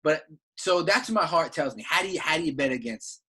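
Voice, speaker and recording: A man co-hosting a podcast in a casual sports chat. His voice sounds bright and forceful. He talks with loose enthusiasm, repeating himself and dropping slang. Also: a little high, expressive, a little fast, slightly rough. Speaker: podcast co-host.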